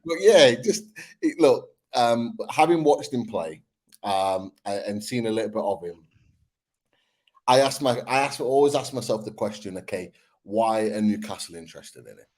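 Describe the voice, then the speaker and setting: Low-ish male panelist, measured point-by-point football talk, casual fan podcast. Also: expressive, a little mellow. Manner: measured, explains point by point with fillers.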